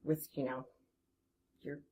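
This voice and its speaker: A woman's voice: slow, warm tone. A woman in her forties, a guest metalsmith, talking chattily and enthusiastically in a casual interview at her home workshop. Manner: chatty and enthusiastic, with many restarts. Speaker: guest metalsmith and jewelry designer.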